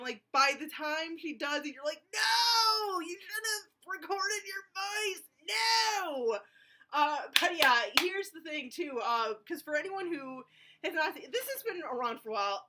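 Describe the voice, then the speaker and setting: Woman, film reviewer, high voice, casual, rambling, jokey. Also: pushed and bright. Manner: rambling, lots of fillers, blunt and jokey. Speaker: movie reviewer.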